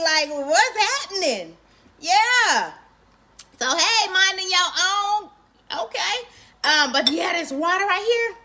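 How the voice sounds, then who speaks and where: Bright-voiced chatty woman livestreaming. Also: sits high. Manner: chatty, greets viewers by name, laughs often. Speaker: livestream host. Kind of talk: casual livestream chat with viewers.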